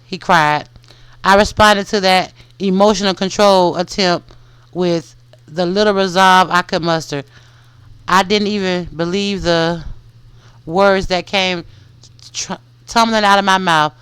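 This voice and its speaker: Podcast host, reading a book aloud, smooth clear voice, dry close mic, stumbles on words. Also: mid-range voice, steady tone, unhurried, fairly bright tone, no room sound. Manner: stumbles over words, laughs at the text.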